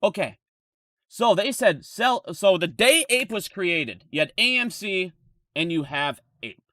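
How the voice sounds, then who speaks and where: A man's voice: high-pitched, bright, forceful tone, no echo, clean studio sound. A man hosting an unscripted stock commentary video, ranting in a heated, profane way and restarting his explanations often. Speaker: stock market video host.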